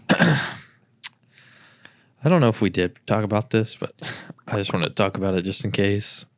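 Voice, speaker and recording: Young man, podcast co-host, low voice, rambling storyteller, dry close mic. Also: animated, moderate pace, no echo. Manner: rambling storyteller, acts out quotes with a raised voice. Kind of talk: casual chat.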